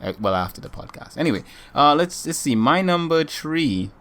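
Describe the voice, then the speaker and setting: A man's voice: on the high side, big pitch swings, moderate pace, fairly bright tone. A man co-hosting a casual gaming podcast, chatting in a rambling way with lots of ums. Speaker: podcast co-host.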